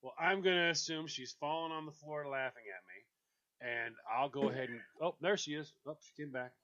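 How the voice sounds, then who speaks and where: A man's voice: a little high, normal speed, lo-fi sound. A man hosting a radio show, chatting casually and telling a long story, acting out the lines of the people in it. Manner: animated storyteller, acting out quoted voices. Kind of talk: casual chat on a call-in show.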